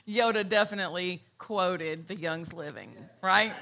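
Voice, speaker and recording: A woman pastor preaching a sermon, emphatic and repeating her key phrases as she reads scripture slowly. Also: lowish voice, bright, forceful tone. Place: church.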